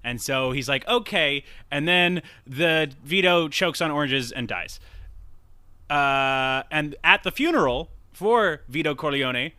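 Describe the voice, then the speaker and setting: Podcast host, male, lively and rambling, cusses freely, bright tone, dry close mic. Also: a little high, takes it slowly, no echo. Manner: rambling, profane, laughs at himself, acts out quotes. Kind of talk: casual movie recap chat.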